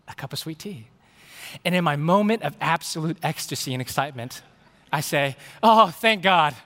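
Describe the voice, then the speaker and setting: A man preaching a sermon with storytelling, animated and acting out the dialogue in his stories. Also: fairly high pitch. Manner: animated, acts out quoted dialogue. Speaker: pastor. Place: church sanctuary. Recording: reverberant hall.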